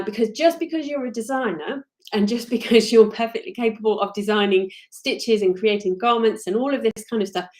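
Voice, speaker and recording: A woman's voice: mid-range voice, a little mellow. Chatty British woman rambling on a live stream. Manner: rambling, chatty and apologetic, often trailing off. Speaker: crochet designer hosting a live stream. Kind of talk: casual live-stream chat.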